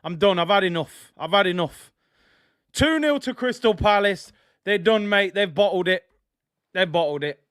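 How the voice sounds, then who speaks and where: A young man hosting a live football watch-along, reacting emotionally and often breaking into frustrated shouting. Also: sits high, expressive, moderate pace, clean tone, dry recording, studio quality. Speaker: fan stream host.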